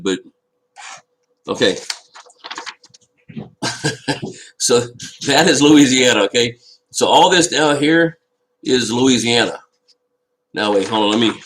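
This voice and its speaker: A man's voice: mid-range voice, fairly bright tone, a little hiss or hum, low-quality recording. Rambling man on a live stream. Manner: rambling, answers viewer comments aloud. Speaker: fishing channel host. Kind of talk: casual live-stream chat. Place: at home. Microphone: laptop built-in microphone.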